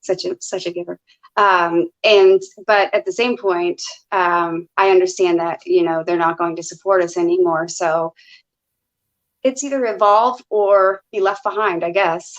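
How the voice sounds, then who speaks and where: Relaxed woman guest on a dull call. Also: on the low side, a little slow. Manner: relaxed, hesitant with fillers. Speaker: guest poker player. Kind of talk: casual interview chat.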